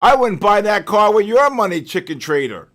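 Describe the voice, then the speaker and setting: Older guy hosting a trading livestream, kinda high voice, excitable, jokes around between chart calls. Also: moderate pace. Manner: excitable, joking storyteller with loud exclamations. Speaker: trading session host. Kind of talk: live trading commentary and casual chat.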